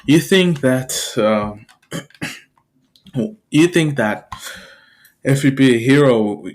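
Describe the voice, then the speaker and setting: A man's voice: medium pitch, expressive, takes it slowly, a little mellow. A man voicing a big male superhero who talks to a boy in a reassuring, fatherly, chuckling way. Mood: earnest. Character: top male superhero, big, hearty, mentoring.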